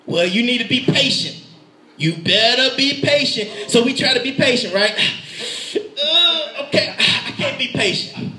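High, bright-voiced preacher, animated and echoing. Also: male voice, unhurried. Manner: animated, playful, laughing and shouting in bursts. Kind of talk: lively sermon. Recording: echoey room.

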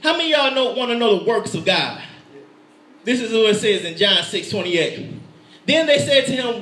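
A man preaching a lively sermon with an animated, playful delivery, laughing and shouting in bursts. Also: high voice, normal speed. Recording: echoey room.

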